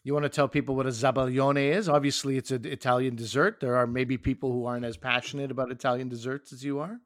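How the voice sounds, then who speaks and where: A middle-aged man hosting a casual food podcast, with a teasing, wry manner and quick banter. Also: medium pitch, flat delivery, no echo. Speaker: podcast host.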